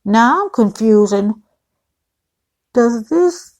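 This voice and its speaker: A woman talks viewers through a TV episode in a casual, opinionated vlog. Her voice sits low and creaky. She takes her time and often calls her viewers guys. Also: unhurried, mellow. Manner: chatty, opinionated, keeps addressing viewers as guys. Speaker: TV recap vlogger. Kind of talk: casual episode recap with commentary.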